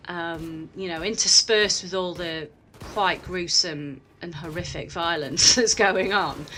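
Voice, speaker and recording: A woman's voice: on the low side, a little slow, sharp tone, a little hiss or hum. A woman reviewing a game in a casual video chat, her voice stuffy and nasal from a cold, talking chattily with lots of fillers.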